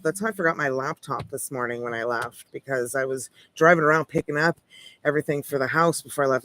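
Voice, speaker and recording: A woman's voice: sits low, a bit bright. A Canadian woman hosting a casual tarot livestream, chatting in a rambling, easygoing way with lots of "like" and light laughs.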